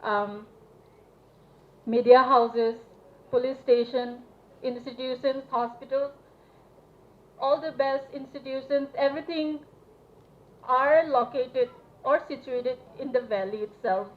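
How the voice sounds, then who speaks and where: Young woman from Manipur, student speaker, higher voice, hesitant and earnest; tinny phone-quality audio. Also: fairly even intonation, slow pace, long pauses. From Manipur, India. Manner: hesitant, earnest, many fillers. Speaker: student representative speaking at a solidarity event. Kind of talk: public speech. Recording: tinny phone-like live stream with faint noise.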